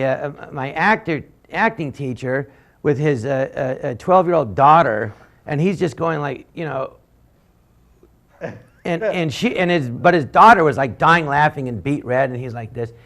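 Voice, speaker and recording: A man telling a comic anecdote as a guest on a game show, rambling and halting with frequent restarts. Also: a little high, a bit bright. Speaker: guest comedian.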